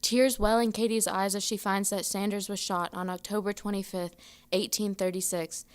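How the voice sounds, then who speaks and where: A woman slowly reading her own ghost story aloud in a steady voice. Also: mid-range voice. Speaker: student reader.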